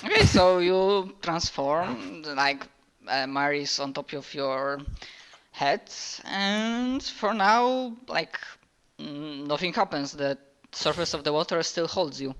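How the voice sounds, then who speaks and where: A man's voice: on the high side, animated, slow pace, fairly bright tone, smooth. A man narrating as game master of a tabletop role-playing game, hesitant and full of fillers.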